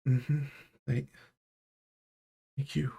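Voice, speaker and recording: A man's voice: lowish voice, little pitch movement, takes it slowly. A man voicing a timid young girl whose voice trembles with emotion. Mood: tearful.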